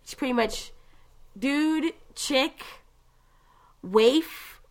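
A woman chatting casually about video games, telling the story with lively asides and quick mimicked voices. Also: high voice. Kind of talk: casual gaming chat.

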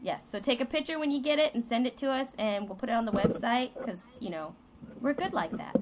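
A woman co-hosting a casual podcast chat, brisk and chirpy as she wraps up show business. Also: a little high, expressive. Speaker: co-host. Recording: noisy background hiss.

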